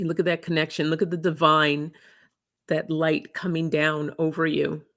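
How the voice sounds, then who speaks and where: A low-voiced woman gives a live oracle card reading, gentle, emotional, and reflective, often laughing softly.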